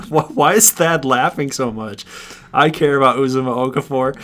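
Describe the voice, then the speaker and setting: A man in his thirties with a voice of middling pitch, chatting loosely as a livestream host. He talks with sarcastic, animated energy and breaks into laughter often. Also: noisy background. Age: 30s. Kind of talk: casual banter.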